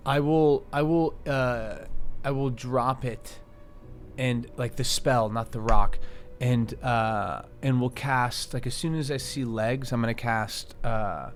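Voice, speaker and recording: A man's voice: medium pitch, fairly even intonation, takes it slowly, a little hiss or hum. Hesitant man playing a tabletop game. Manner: hesitant, profane, thinking aloud. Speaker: player. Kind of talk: casual tabletop play.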